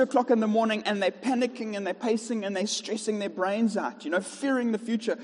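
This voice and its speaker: A man's voice: sits high, fairly quick, few pauses, big-room sound. A man preaching a sermon in a rhythmic style, with repeated contrasts and jokey asides. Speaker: pastor. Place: church.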